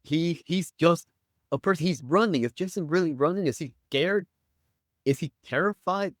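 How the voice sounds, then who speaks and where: A man's voice: on the high side, moderate pace, no echo, clean studio sound. A man guesting on a podcast, chatting casually and acting out quotes with enthusiasm. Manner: enthusiastic storyteller, acts out quotes.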